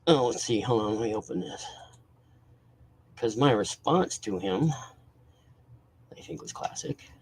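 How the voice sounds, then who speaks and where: Husky guy on a live stream, swears a lot, pitch jumps all over. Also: animated, measured pace, long pauses, poor audio. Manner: blunt and profane, greets viewers by place. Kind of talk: casual live-stream chat.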